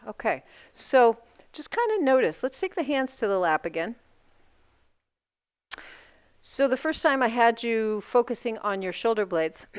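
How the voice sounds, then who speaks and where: A woman's voice: mid-range voice, smooth, dry recording. A woman instructor guiding a seated yoga class, talking through each movement step by step in an encouraging way.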